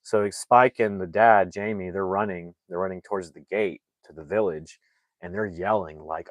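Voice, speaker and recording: A man retelling a film plot in casual, rambling talk full of fillers, now and then shouting out the characters' lines. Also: low voice, fairly even intonation, moderate pace, no echo. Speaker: movie reviewer.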